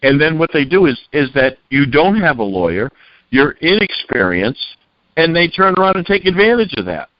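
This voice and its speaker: A male guest in a casual talk-radio chat, telling animated anecdotes over dull lo-fi audio. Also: a little high, moderate pace, no echo.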